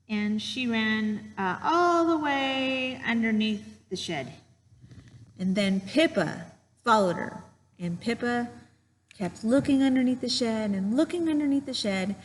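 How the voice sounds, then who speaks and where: A woman teacher telling a true story to children in a gentle, patient way while she draws. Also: medium pitch, in a large hall, a little hiss or hum, rough recording.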